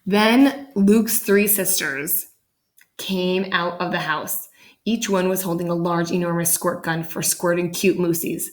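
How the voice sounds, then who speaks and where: A woman reading a children's picture book aloud in an animated way, jumping up in pitch for the characters. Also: measured pace, roomy sound. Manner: animated, voices the characters with big pitch jumps. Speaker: storyteller.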